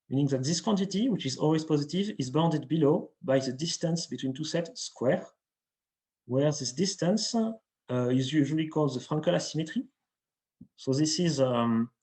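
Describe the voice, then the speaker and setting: Young man giving a halting math lecture. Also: medium pitch, a little mellow, poor audio. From France. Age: young adult. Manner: careful and halting, with frequent restarts and fillers. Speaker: invited speaker at a math seminar. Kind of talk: academic lecture.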